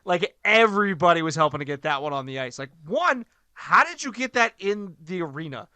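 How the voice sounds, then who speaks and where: A man in his thirties co-hosting a casual hockey podcast, joking and animated, swinging between loud bursts and quiet asides. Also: on the high side, a little fast, smooth, no room sound. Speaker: podcast co-host, hockey coach. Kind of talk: casual sports podcast chat.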